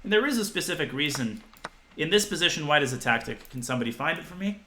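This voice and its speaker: A man in his twenties giving a live-streamed chess lesson, talking fast to his viewers and thinking aloud. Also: a little high, lively intonation, sharp tone, slight background noise, low-quality recording. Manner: quick, talks to chat, thinks aloud with restarts.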